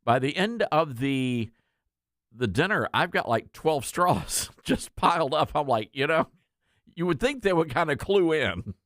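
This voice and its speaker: Chatty, lively-voiced male radio host. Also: fairly high pitch, no echo, clean studio sound. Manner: rambling, chatty, halting with many fillers. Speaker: radio talk show host. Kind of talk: casual radio talk.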